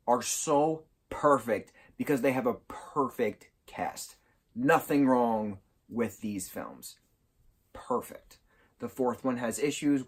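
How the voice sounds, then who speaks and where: A man reviewing a film in a casual vlog, retelling scenes excitedly with bursts of giggling and sudden jumps in pitch and volume. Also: breathy edge. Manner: giggles through his retelling.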